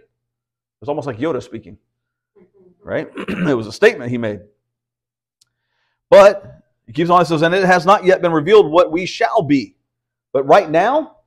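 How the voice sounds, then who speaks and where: Man, fairly high voice, conversational house church preaching, rhetorical questions. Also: breathy edge. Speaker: pastor. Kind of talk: house church Bible teaching.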